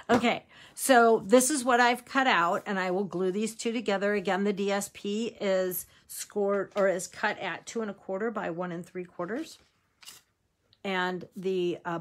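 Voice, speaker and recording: A woman hosting a casual craft tutorial, chatting upbeat to viewers and laughing at herself while she works with her hands. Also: mid-range voice. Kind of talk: casual how-to demonstration.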